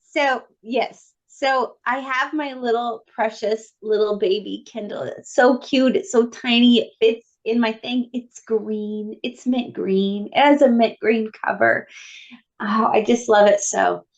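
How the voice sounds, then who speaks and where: A woman co-hosting a podcast, telling a story in lively, playful self-mockery. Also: a little high, a little slow, lo-fi sound. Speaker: podcast co-host. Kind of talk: casual chat.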